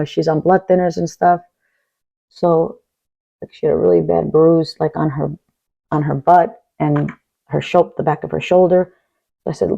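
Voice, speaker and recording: A woman's voice: low voice, creaky, warm tone, muffled recording. A middle-aged woman vlogger, rambling bluntly through a personal story while doing her makeup. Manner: rambling, blunt, swears, fillers like blah blah. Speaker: beauty vlogger. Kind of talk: casual get-ready-with-me chat.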